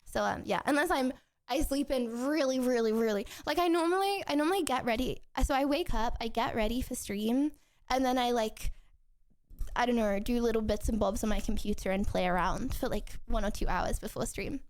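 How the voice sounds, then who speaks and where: A young woman with a bright, high voice chats with her live viewers from home. She rambles, laughs easily and trips over her own sentences as she goes. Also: a little fast. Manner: chatty and rambling, with frequent restarts and giggles. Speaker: streamer. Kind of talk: casual chat with viewers.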